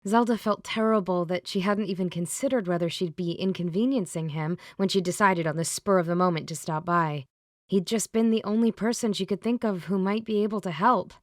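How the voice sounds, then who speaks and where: A woman narrating a romance audiobook in a steady, clear storytelling manner. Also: on the low side, a little fast, no echo, clean studio sound.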